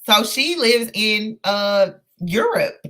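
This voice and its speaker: Woman host in her thirties, casual live-stream talk, slow, bright tone, heartfelt and halting. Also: medium pitch, expressive. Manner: earnest, impassioned, halting with many fillers and restarts. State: emotional, close to tears. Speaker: host of a live book discussion.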